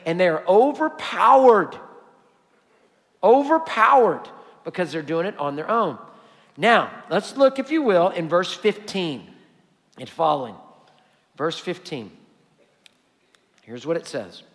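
A man's voice: sits high, sing-song, a little slow, long pauses, fairly bright tone. A man preaching a sermon as a pastor, emphatic and repetitive as he drives his points home. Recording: long hall reverb.

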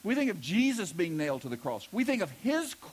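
A man's voice: sits high, very animated, fast, breathy edge. A middle-aged man preaching a sermon as pastor, telling stories and stressing key words with emphasis. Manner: storytelling with emphatic preaching, voices quoted characters.

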